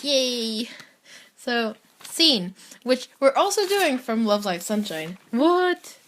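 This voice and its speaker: A woman's voice: a little high, very animated, slow, a bit bright, slight background noise. A young woman co-hosting a podcast, dropping short quips and asides in casual chat. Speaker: podcast co-host.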